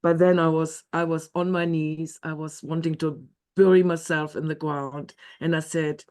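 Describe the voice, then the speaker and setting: A woman telling a story aloud to an audience, animated, laughing often and dropping into whispers. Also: low-pitched, normal speed. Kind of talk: live storytelling.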